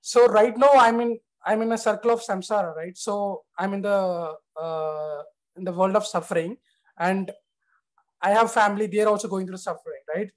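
A man's voice: high voice, fairly even intonation, normal speed, poor audio. Hesitant man asking questions on a call. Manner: hesitant, many uhs. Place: online video call.

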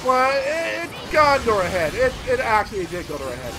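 Excitable guy yelling at a game he's playing, voice all over the place, music blaring behind. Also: extremely high pitch, brisk, few pauses, crowd noise, low-quality recording. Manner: excitable, rambling, swears loudly at the game. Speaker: gameplay streamer. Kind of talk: casual gameplay commentary. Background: game music and sound effects.

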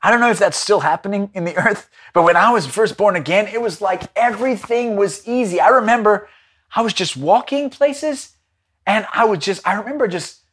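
A man from South Africa preaching a Bible study, telling stories dramatically and swinging between excited and hushed delivery. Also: high-pitched, normal speed, slightly rough.

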